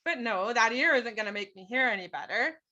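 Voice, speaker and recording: A woman's voice: a little high, animated, fairly quick, bright, forceful tone. A middle-aged woman, a guest on an interview show, telling a personal story in an earnest, emphatic way and often checking in with "right?". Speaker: guest, author. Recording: dull lo-fi podcast audio.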